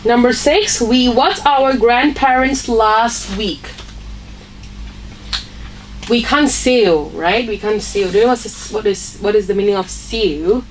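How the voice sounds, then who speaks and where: A woman's voice: on the high side, slow pace, distant mic, slight background noise, rough recording. A woman teaching an English phonics lesson, patiently repeating each point and checking with "okay?". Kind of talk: online grammar lesson.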